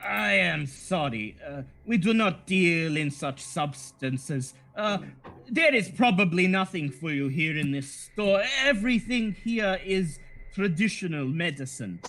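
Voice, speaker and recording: A man's voice: high-pitched, expressive, measured pace, a bit bright, heavily acted. A man voicing a small hunchbacked old shopkeeper who speaks with formal, bowing courtesy. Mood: polite.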